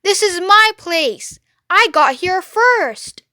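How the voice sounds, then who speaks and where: A woman's voice: extremely high pitch, expressive, takes it slowly, bright, forceful tone, no room sound, clean studio sound, voice pushed up, heavily acted. A woman voicing a small, rude male rat who shrieks at intruders in a storybook. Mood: shrill. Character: snappish little male rat guarding his cellar.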